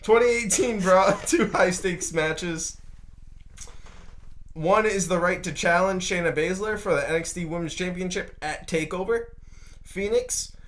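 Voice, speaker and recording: Young male co-host with casual, joking delivery; high-pitched and forceful. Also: measured pace. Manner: joking, sweary banter. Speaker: podcast co-host. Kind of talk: casual chat.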